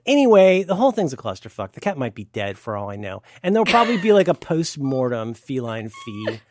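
A man's voice: sing-song, a little fast, dry recording. A middle-aged man on a podcast, telling a rambling, profane, sardonic story in casual chat. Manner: puts on high voices when quoting staff. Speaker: podcast co-host.

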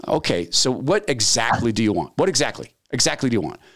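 A man's voice: medium pitch, big pitch swings, quick pace, gravelly, hardly any pauses, a bit bright. A middle-aged man hosting a talk show, telling anecdotes in casual chat and acting out the dialogue. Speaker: podcast host.

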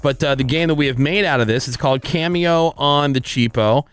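A man co-hosting a morning radio show, explaining things in an easygoing, halting way. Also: a little high, smooth, no echo. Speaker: radio co-host.

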